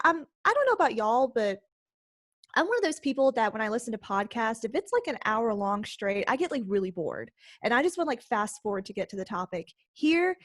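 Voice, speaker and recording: A woman co-hosting a podcast, chatting casually in an excitable, talkative way. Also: a little high. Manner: excitable, chatty, quick to laugh. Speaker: podcast co-host.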